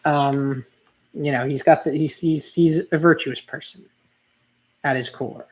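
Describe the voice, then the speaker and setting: A reader hosting a live manga read-through, stopping to comment on the story. The talk is loose and rambling, full of fillers and restarts, like thinking out loud. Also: mid-range voice, steady tone, measured pace. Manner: casual and rambling, many fillers.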